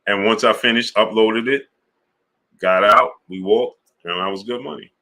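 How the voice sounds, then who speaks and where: A man hosting a sports live stream, chatting casually in slang and shouting out viewers by name. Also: lowish voice, normal speed. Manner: laid-back, slang-heavy, shouting out viewers. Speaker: sports channel host. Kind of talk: casual live-stream chat reading super chats.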